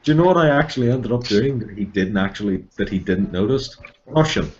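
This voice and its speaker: Irish man, very low voice, profane and wry, casual chat over a dull lo-fi line. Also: lively intonation, a little fast, a little mellow. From Ireland. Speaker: podcast guest, voice actor. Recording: dull lo-fi call audio.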